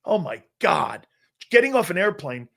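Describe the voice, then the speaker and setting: Male sports talk host in his fifties, brash and boastful, fairly high-pitched, restarts often and acts out quotes. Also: sing-song, moderate pace, gravelly, fairly bright tone. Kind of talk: casual sports talk storytelling.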